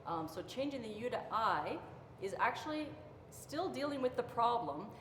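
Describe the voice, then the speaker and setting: A woman pastor giving a gentle, thoughtful marriage devotional talk, often pausing with fillers. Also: a little high, sing-song. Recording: roomy reverberant hall, faint noise.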